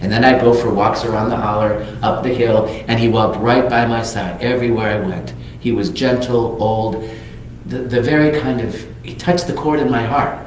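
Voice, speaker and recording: A minister preaching in a strongly echoing sanctuary, his voice at a middle pitch for a man. He tells a personal story with animated storytelling and acts out the people he quotes. A faint low rumble sits under the voice. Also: normal speed. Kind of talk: storytelling sermon. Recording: very echoey hall.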